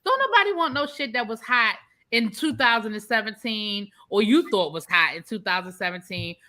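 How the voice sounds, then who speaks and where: A woman on a reality TV panel show, chatting in an animated, emphatic, gossipy way. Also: on the high side, normal speed. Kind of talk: casual chat.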